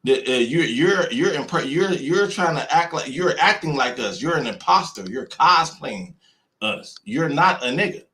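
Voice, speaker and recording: This is heated opinion talk on a live stream, hosted by an American man from the United States who hammers his points repeatedly and imitates others' voices. He speaks at a measured pace with lively intonation, his voice on the high side and sharp in tone.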